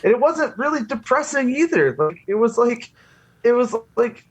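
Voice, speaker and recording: A man's voice: very high voice, big pitch swings, normal speed, breathy edge. A man guesting on a movie podcast, rambling in casual chat full of "like" and the odd curse. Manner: rambling, profane, many "like" fillers.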